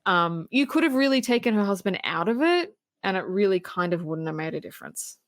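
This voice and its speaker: Woman podcast host, animated casual film recap, mid-range voice, dry close mic. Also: medium pitch, a little fast, no echo. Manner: animated retelling, laughing, acting out quotes.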